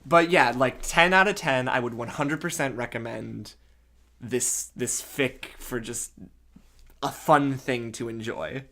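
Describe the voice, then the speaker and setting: A podcast co-host in casual chat about fan fiction, gushing and excitable, restarting sentences often. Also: medium pitch, a little slow, a little hiss or hum.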